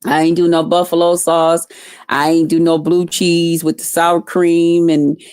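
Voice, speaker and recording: With a voice on the low side and a darkish, clean tone, a woman delivers flat, measured, profanity-laced stories to camera while chatting with live viewers. Her manner is blunt and salty, speaking directly to the people watching. No room sound is audible.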